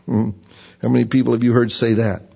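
A man preaches a sermon in a slightly husky voice, throwing himself into the prayers he quotes. The recording is dull and lo-fi, with a long reverb like a big church hall. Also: mid-range voice, flat delivery, fairly quick, warm tone. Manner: dramatic, acts out quoted prayers with rising intensity.

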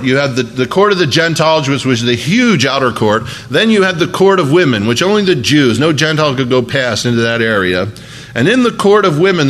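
A man's voice: medium pitch, a bit bright. A man preaching a sermon as a pastor, in a conversational, folksy way with emphatic asides.

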